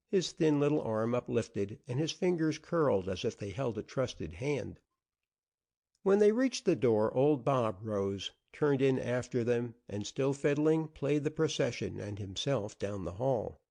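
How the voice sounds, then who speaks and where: An expressive male storyteller reading an old-fashioned tale. His pitch sits mid-range but moves a great deal, rising and falling with the drama. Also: a little slow, vocal fry. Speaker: audiobook narrator. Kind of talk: storytelling narration.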